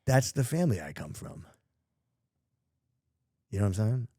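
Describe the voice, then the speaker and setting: A man's voice: fairly low pitch, very animated, moderate pace, warm tone, no room sound, studio quality. A middle-aged man, a podcast guest telling his life story in blunt, profane street talk. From New York. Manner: profane, street-talking, emphatic. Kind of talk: candid storytelling.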